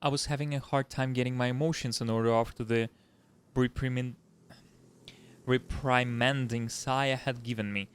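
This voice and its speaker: A man's voice: mid-range voice, steady tone, moderate pace, clean tone. A man playing a game, reading its story aloud with his own comments. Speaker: let's play host reading a visual novel aloud.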